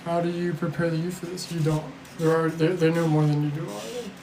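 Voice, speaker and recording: A man's voice: on the high side, fairly even intonation, fast, gravelly, roomy sound, crowd noise, poor audio. A man hosting a casual livestream, answering chat questions in a rambling, blunt, profane way with sarcastic asides and a weary edge. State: tired. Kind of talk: casual live-stream chat.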